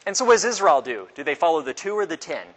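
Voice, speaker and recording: A man leads a casual Bible class, his voice sitting a little higher than most. He talks loosely and quizzes his listeners. He acts out quotes with sudden jumps in pitch. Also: big pitch swings, quick pace, fairly bright tone. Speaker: Bible study teacher.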